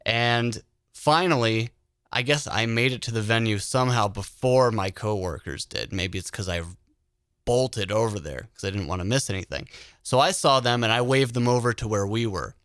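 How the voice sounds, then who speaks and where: A man hosting a podcast, telling an animated story in a casual chat. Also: mid-range voice, moderate pace, clear, resonant tone, dry recording, studio quality. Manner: animated storyteller who acts out quoted voices. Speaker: podcast host.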